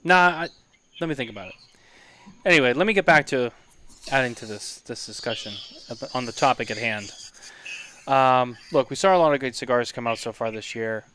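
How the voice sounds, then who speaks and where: A man co-hosting a casual talk show, animated and teasing, laughing often as he talks. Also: mid-range voice, brisk, long pauses, slight background noise. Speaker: podcast co-host. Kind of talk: casual chat.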